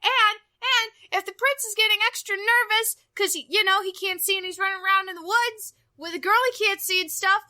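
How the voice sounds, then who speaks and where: A young woman co-hosting a casual podcast chat, gushing and squealing with excitement, swearing freely. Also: very high-pitched, fairly quick, few pauses. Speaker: podcast co-host.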